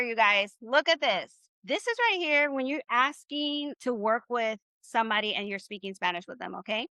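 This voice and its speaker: Bright upbeat woman teaching a class. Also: fairly high pitch, dry recording. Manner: upbeat, encouraging, keeps asking "right?". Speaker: Spanish teacher. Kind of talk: live online class. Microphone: video call.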